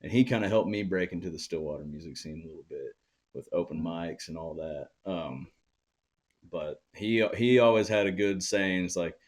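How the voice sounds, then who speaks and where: A man's voice: low-pitched, moderate pace, a little mellow. A young man with an Oklahoma accent, a guest musician talking casually in an interview, laid-back with lots of fillers. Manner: laid-back, many fillers like "you know" and "um".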